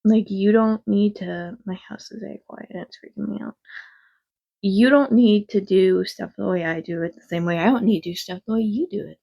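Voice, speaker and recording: A woman with a gravelly, husky voice rambles through a casual makeup tutorial at home. She talks frankly and swears now and then. The recording is dull and lo-fi. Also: medium pitch, normal speed. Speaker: makeup vlogger. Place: quiet home.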